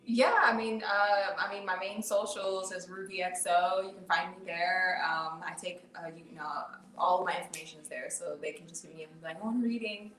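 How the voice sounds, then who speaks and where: A woman's voice: on the low side, level tone, fairly quick, hardly any pauses, fairly bright tone. A woman, a tarot reader guest on a podcast, chatting casually and earnestly explaining spiritual ideas with fillers. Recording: roomy, distant from the mic.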